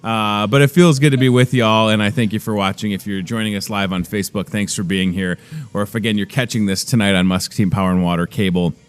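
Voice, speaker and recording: He has a lowish, clean voice with a steady tone, and he talks fast. A man in his thirties, he hosts a live segment from a grocery store, chatting with a guest and poking fun at himself.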